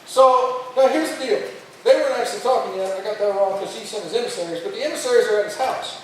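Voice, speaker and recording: High-pitched male camp speaker, slangy storytelling, echoey far mic. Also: fast, fairly bright tone, a little hiss or hum. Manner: slangy, chatty, acts out characters. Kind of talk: casual storytelling sermon.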